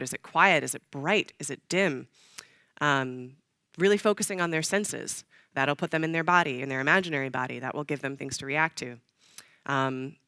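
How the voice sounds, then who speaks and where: A woman giving a conference talk on directing game actors, lively, with many "um" fillers and quick acted-out examples. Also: sits low, no room sound, studio quality. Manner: animated, lots of "um" fillers, acts out quick examples.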